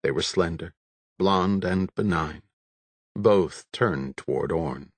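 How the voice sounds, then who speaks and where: A man reading a novel aloud as an audiobook narrator, in a measured, steady way. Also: deep voice, no room sound. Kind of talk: scripted narration.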